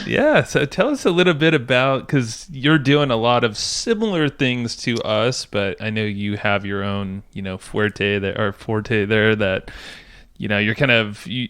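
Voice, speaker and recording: A man co-hosting a podcast in a casual chat, relaxed and chatty, often laughing. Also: lowish voice, measured pace, clean tone. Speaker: podcast co-host.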